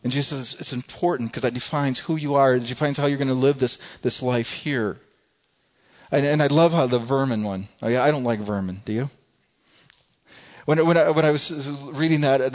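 A man preaching a sermon, telling a folksy, animated personal story with frequent restarts. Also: mid-range voice, muffled recording. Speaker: pastor.

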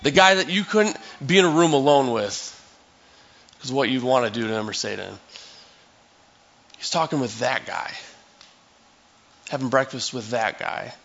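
A man's voice: medium pitch, moderate pace, vocal fry, long pauses, a bit bright, lo-fi sound. A male pastor giving a sermon in a conversational, storytelling way, acting out scenes for his listeners.

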